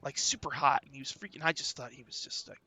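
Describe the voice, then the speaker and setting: A man's voice: medium pitch, expressive, fast talker, sharp tone, breathy edge, voice pushed down, full character voice. A man voicing a twitchy, drug-addled male street dog who rambles in slang and gets defensive, in a tabletop game. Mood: rambling. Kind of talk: in-character role-play.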